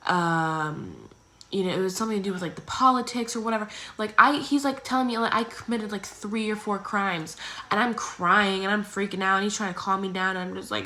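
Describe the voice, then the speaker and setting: Chatty young woman with a bright voice. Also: normal speed. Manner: chatty, full of "like" and "um"; acts out others' lines in squeaky exaggerated voices. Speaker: storyteller. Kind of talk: casual storytelling.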